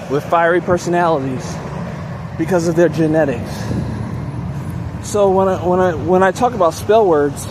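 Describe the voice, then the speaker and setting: A man delivering a preachy advice monologue to his viewers, often pausing to ask "okay?". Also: sits high, noisy background. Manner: preachy, repeats "okay?" to check in. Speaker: dating advice channel host.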